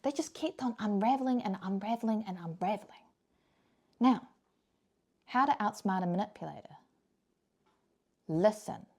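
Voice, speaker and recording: With a mid-range, darkish voice, a young woman vlogs advice to camera at a moderate pace, leaving long pauses. She's casual but blunt and emphatic, swears without holding back, and keeps repeating what matters most.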